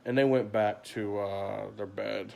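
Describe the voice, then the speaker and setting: Gravelly-voiced man venting on a livestream. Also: fairly low pitch, steady tone, unhurried, mellow, slight background noise. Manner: frustrated, rambling, heavy on "you know" and "like". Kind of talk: late-night livestream monologue. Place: at home at night. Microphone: phone camera.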